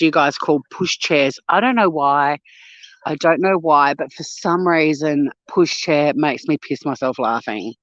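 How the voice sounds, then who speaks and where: A woman's voice: deep voice, no echo, lo-fi sound. An Australian woman chatting casually on a walk for her vlog, blunt and sweary, telling stories with lots of animation. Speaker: vlogger. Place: outdoors on a walk.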